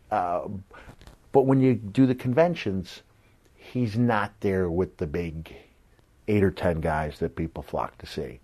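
A man's voice: mid-range voice, darkish tone. A middle-aged man co-hosting a podcast, telling old stories in casual chat and laughing often as he goes. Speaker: podcast co-host, former wrestler.

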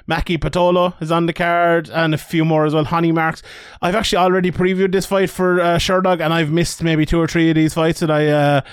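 A man's voice: high voice, clean tone, no echo, clean studio sound. A man hosting a casual combat-sports podcast, chatty, laughing easily and swearing casually. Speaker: podcast host. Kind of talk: casual chat.

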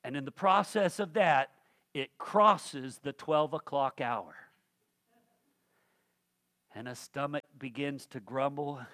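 A man's voice: mid-range voice, slow pace, pauses often, fairly bright tone, no room sound, studio quality. A male pastor preaching a sermon, folksy and humorous, rising to fervent emphasis.

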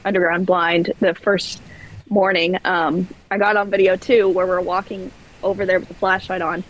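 A woman's voice: fairly low pitch, little pitch movement, normal speed, lo-fi sound. Chatty laughing woman storyteller. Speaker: guest. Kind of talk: casual podcast chat. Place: where floods hit badly.

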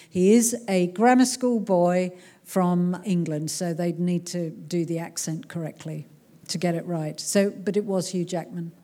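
A woman's voice: mid-range voice, mellow. Woman, author, chatty, jokey, live audience Q&A. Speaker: author at a public talk. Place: cultural centre hall before a crowd.

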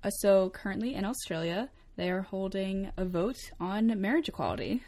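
A woman's voice: medium pitch, animated, moderate pace, a little mellow. A young adult woman co-hosting a casual talk show, chatty, with frequent laughs and fillers. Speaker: co-host. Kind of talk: casual chat.

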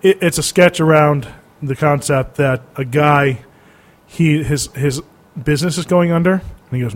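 A man's voice: on the high side, normal speed. A man co-hosting a casual podcast, trading blunt, crude, mocking jokes. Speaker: podcast co-host.

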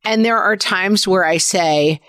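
A middle-aged woman co-hosting a podcast, chatting candidly about parenting and acting out her kids' lines in a relaxed, conversational way. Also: mid-range voice, measured pace, no echo. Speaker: podcast co-host. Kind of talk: casual parenting chat.

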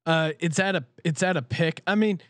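A man's voice: fairly high pitch, moderate pace, fairly bright tone, dry recording. A man co-hosting a sports betting show, talking bluntly and swearing freely as he gives his picks. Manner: blunt and profane, candid picks. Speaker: sports betting podcast co-host. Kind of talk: casual sports betting chat.

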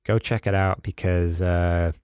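A man's voice: deep voice, fairly even intonation, measured pace, a little mellow, clear, resonant tone, dry recording, clean studio sound. A man co-hosting a casual gaming podcast, talking in a laid-back, rambling way with plenty of filler words. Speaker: podcast co-host.

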